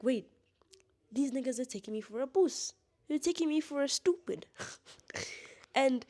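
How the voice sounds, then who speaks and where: A woman's voice: a little high, darkish tone. A young woman talking straight to camera in a candid vlog monologue, blunt and defiant, laughing often. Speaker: vlogger.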